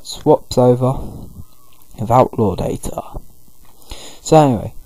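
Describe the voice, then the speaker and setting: A man's voice: medium pitch, a little mellow, breathy edge, dry recording, low-quality recording. A man giving loose, rambling commentary over a video game playthrough. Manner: rambling, loose, full of fillers. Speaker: gaming video host. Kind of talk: casual let's-play commentary.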